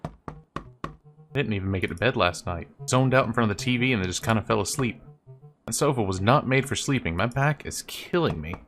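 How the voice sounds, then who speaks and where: A woman voicing a weary, down-on-his-luck man in a game, speaking in a low, dry, deadpan way. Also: fairly quick, soft background music. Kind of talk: voice-acting a game.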